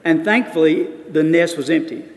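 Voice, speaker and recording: Pastor preaching in a hall. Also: male voice, fairly high pitch, moderate pace. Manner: storytelling, builds to emphatic peaks. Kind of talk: sermon.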